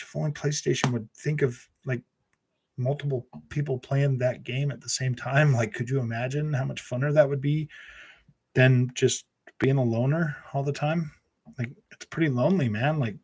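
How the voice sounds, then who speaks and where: A man's voice: mid-range voice, a little mellow, breathy edge. A man hosting a gaming channel, chatting casually on a live stream in a sarcastic, mocking way and saying "man" and "bro" a lot.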